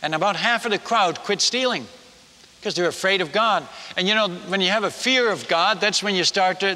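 A man preaching, telling a story in a lively way and acting out the voices of the people in it. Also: sits high. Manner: animated, acts out villagers' voices. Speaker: missionary storyteller. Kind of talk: sermon storytelling. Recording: echoey hall reverb.

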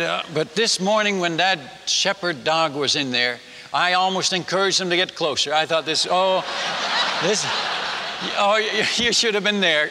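Folksy missionary telling tales in a hall. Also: male voice, sits high, slight background noise. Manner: folksy, animated storyteller, chuckles at his own tales. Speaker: missionary speaker. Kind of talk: humorous story told to a congregation. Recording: long reverb of a large hall.

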